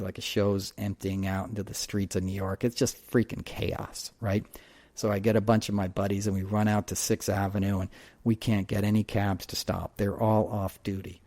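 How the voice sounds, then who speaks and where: Male podcast host, mellow tone, emphatic storyteller who swears freely, no room sound. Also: fairly low pitch, no echo. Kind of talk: casual political monologue and storytelling.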